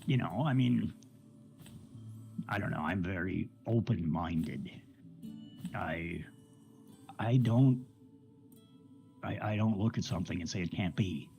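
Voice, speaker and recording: A man's voice: low-pitched, slow, gravelly, pauses often, mellow, soft background music, rough recording. A man streaming games, going off on a rambling, profane rant and often laughing. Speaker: game streamer.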